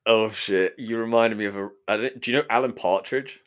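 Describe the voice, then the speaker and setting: A man's voice: on the low side, a little fast, smooth. A man co-hosting a casual podcast, telling stories animatedly and often laughing. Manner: animated storyteller who acts out quoted voices and laughs often. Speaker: podcast co-host. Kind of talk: casual conversational podcast chat.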